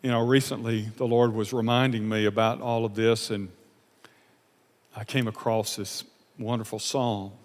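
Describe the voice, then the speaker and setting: A man preaching a sermon as a pastor, earnest and emotional, repeating phrases and swinging from loud emphasis to soft confession. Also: mid-range voice, normal speed, long reverb tail.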